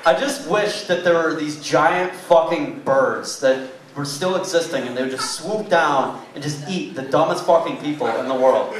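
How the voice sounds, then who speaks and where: A young male comic speaks at normal speed in a fairly high voice during a small-club stand-up set, his delivery loose, rambling, and full of fillers. The recording has echo from the room, a far-off mic, and faint noise.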